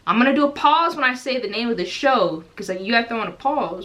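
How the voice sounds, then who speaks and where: A young woman from the United States giving casual reaction commentary, animated and full of rhetorical questions. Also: sits high, normal speed.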